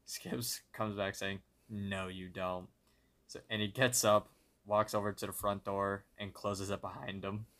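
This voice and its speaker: A man's voice: lowish voice, flat delivery, normal speed, fairly bright tone. A man co-hosting a podcast, narrating a cartoon plot step by step with small slips and corrections. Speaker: podcast co-host. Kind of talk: casual episode recap.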